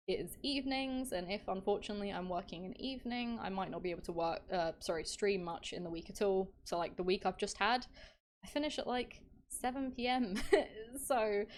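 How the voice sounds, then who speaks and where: A woman's voice: medium pitch, a little hiss or hum. A woman streamer talking casually to her live chat, chatty, laughing often, tripping over her words and restarting. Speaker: VTuber streamer.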